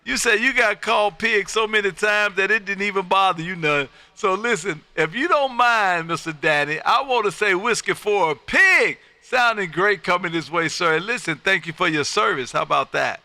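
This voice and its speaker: A man from Texas, making ham radio contacts on a live stream from his radio room, loud, upbeat and quick to laugh. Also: high voice, no echo. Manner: loud, upbeat, laughs often, friendly drawl.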